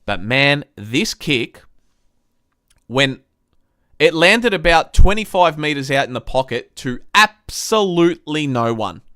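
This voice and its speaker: A young man with a fairly high, smooth, clean voice recaps a football game on a live stream. He rants like a fed-up fan and swears freely. The sound is close and dry. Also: sing-song, takes it slowly, sharp tone, no room sound. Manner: frustrated, swearing, ranting fan. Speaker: sports review host. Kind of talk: live-stream footy match review.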